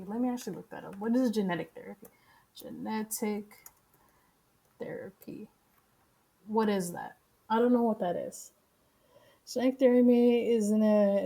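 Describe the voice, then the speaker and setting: A woman's voice: medium pitch, mellow. A young woman streaming, casually reacting with profane, joking commentary.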